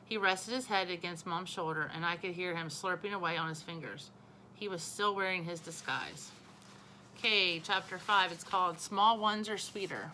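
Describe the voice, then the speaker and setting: A woman teacher reads a children's novel aloud to her class, telling it expressively. Her voice is bright and rather low for a woman, with faint room ambience behind it. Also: normal speed, slight background noise, poor audio. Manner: expressive storytelling.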